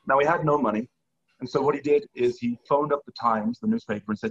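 A man in conversation telling a long story with lively acted-out quotes. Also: mid-range voice, fast talker, highs cut off. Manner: animated, acts out quoted dialogue. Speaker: guest, skier.

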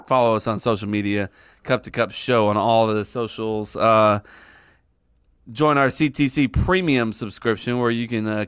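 A man's voice: medium pitch, a bit bright, clean tone, no echo, clean studio sound. A man hosting a podcast, chatting casually with heavy swearing and teasing. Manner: profane, teasing. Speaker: podcast host.

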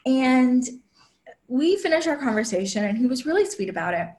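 A woman's voice: high-pitched, normal speed. A woman guest and relationship coach telling a personal story in casual chat, full of "like" fillers and quoted asides. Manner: chatty, heavy use of "like" fillers; quotes herself and others in lively asides.

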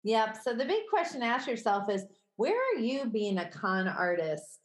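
A woman with a Midwestern accent co-hosting a casual podcast chat, candid and quick to laugh. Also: mid-range voice, animated. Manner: chatty, laughs often, candid. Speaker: podcast co-host. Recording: echoey room.

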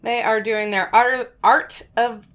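A young woman co-hosts a laid-back podcast, giggly and prone to wandering off topic. Her voice sits a little high with a bright, sharp edge. She reads sponsor spots in a relaxed, chatty way. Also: slow. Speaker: podcast co-host. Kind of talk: casual chat, reading sponsor ads.

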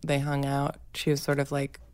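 Low-voiced woman musing in casual chat. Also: completely flat delivery, normal speed, a little mellow, clear, resonant tone. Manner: thoughtful, hedging with many "like" fillers.

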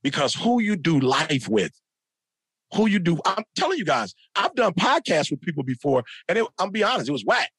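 A middle-aged man speaks as a motivational speaker on a podcast, with a high voice and a gravelly, sharp edge. He tells his stories emphatically, like a preacher, hammering home phrases by repeating them. The sound is close and dry. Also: very animated, normal speed, dry recording. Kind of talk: animated storytelling in a podcast interview.

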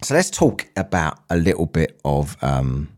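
A man's voice: rumbling low, very animated, a little slow. A man hosting his own podcast, talking casually and swearing as he wanders between asides. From England. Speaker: podcast host. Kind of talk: casual solo podcast chat.

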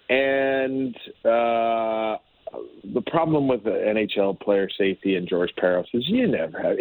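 A man's voice: on the low side, no echo. Blunt man on a tinny phone line. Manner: blunt, talks in run-on restarts. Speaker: hockey historian guest. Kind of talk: casual opinionated radio chat. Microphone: phone call.

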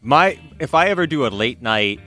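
Animated joking man in casual chat. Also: mid-range voice, moderate pace, faint music behind. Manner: joking, animated, many restarts. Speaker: podcast co-host.

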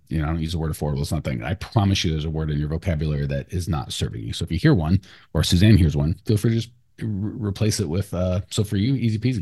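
A man hosting a podcast, coaching a client in a blunt, animated way. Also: low-pitched, breathy edge. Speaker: business coach and podcast host. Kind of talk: casual coaching talk.

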